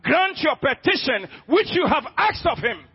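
A man's voice: very high voice, sing-song, unhurried, pitched above the performer's own voice, full character voice. A man voicing a solemn old male priest giving a blessing, in a sermon. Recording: dull lo-fi recording with long church reverb.

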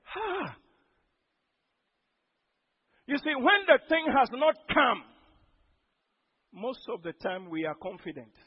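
A man preaching a sermon as pastor, breaking into sudden loud emphatic outbursts. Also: very high voice, wildly swooping pitch, slow, long pauses, husky, lo-fi sound.

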